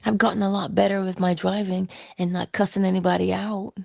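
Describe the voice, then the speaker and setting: A middle-aged woman hosting a casual motivational talk, telling personal stories with laughter and hushed asides. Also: medium pitch, a little fast, gravelly, dry recording, clean studio sound. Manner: animated storytelling, laughs often, drops into hushed asides. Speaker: channel host.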